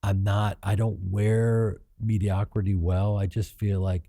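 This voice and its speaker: Low, dark-voiced man telling stories. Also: unhurried, no room sound, studio quality. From Chicago, United States. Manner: animated, profane, acts out quoted people in raised voices. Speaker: guest actor and comedian. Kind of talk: candid interview storytelling.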